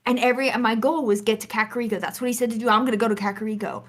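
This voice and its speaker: A young woman co-hosting a gaming podcast, telling a lively story and acting out the lines. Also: on the high side, very fast. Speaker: podcast co-host. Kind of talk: casual chat.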